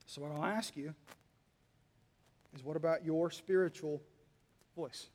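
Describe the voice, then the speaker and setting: Male pastor, high voice, dynamic sermon delivery with humor, hall reverb. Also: steady tone, unhurried. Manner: dynamic, swinging between quiet asides and loud emphatic lines; humorous, teasing the congregation. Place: church hall.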